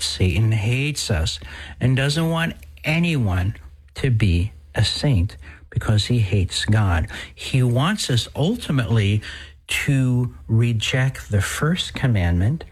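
A man preaching with deliberate, unhurried delivery and a husky, slightly breathy voice. He speaks earnestly and with emphasis, at times sinking into a whisper to drive a point home. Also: on the low side, poor audio. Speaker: priest. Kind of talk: podcast sermon.

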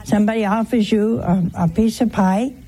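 A woman's voice: medium pitch, moderate pace, mellow, husky. A woman giving an informal sermon, teasing her listeners with rhetorical questions and humorous anecdotes. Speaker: religious teacher.

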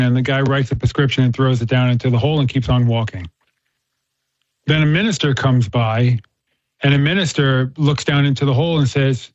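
A man's voice: mid-range voice, moderate pace, dry recording. A man talking earnestly about faith and telling a story, often repeating words as he restarts. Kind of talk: casual faith-based chat with storytelling. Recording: dull, slightly muffled sound.

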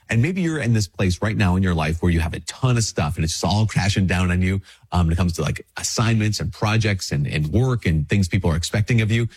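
Male priest, deep-ish and husky, congested, relaxed conversational reflection. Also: fairly quick. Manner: conversational, acts out little dialogues, repeats words. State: sick with a stuffy nose. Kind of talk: casual spoken reflection.

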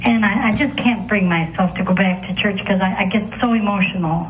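A woman calling in to a show, talking in a halting, emotional way and stammering over her words. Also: mid-range voice, a little hiss or hum. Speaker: caller. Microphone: telephone. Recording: tinny phone line.

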